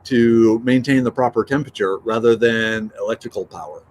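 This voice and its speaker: A man's voice: mid-range voice, normal speed, darkish tone, slight background noise. A middle-aged man chatting casually on a morning livestream, reading out comments and joking. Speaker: livestream host.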